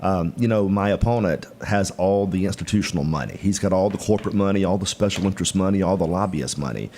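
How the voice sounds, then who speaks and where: A man's voice: sits low, fast, a little mellow, slight background noise. A man from Mississippi, a guest speaking in an earnest, folksy way with plenty of fillers. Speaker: political guest. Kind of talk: casual interview.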